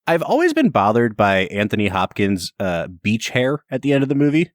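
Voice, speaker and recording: A man co-hosting a casual podcast, joking and telling stories in an animated way. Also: lowish voice, moderate pace, no room sound, clean studio sound. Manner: jokey, animated storytelling. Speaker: podcast co-host. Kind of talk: casual chat.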